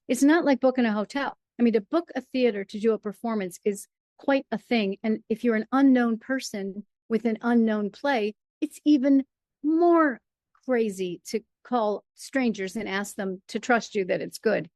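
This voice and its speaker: A middle-aged American woman telling her stories as an interview guest, animated and quick to laugh. Her voice sits at an ordinary pitch for a woman. The sound is dry and close, with no room around it. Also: dry recording. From United States. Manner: animated storyteller, laughs often. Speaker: guest, playwright and performer. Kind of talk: casual interview conversation.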